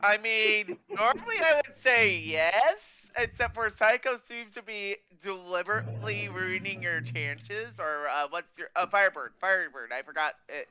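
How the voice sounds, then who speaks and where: A man's voice: high-pitched, lively intonation, normal speed, few pauses, bright, forceful tone, a little hiss or hum, poor audio. A man running a tabletop game as game master, ruling with hesitant fillers.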